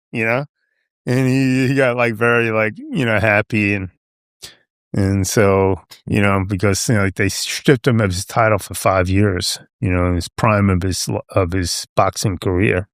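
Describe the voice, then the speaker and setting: A man's voice: fairly low pitch, normal speed, no echo, studio quality. An older American man with a New York accent, a veteran guest telling stories in a casual, rambling way, full of fillers and restarts and acting out what people said. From United States. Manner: acts out quoted voices. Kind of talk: casual storytelling.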